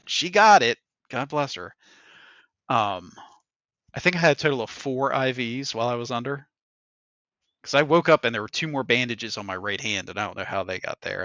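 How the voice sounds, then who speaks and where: A man hosting a podcast in casual chat, telling an animated story and acting out what other people said, with laughs along the way. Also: mid-range voice, dry recording, highs cut off. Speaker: podcast host.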